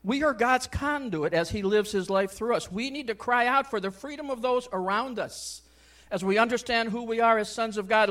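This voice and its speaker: A male pastor preaching a sermon in a church. He talks conversationally with many asides, swinging between loud exhortation and soft, hushed remarks. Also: sits high. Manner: conversational, frequent "I mean" and "you know".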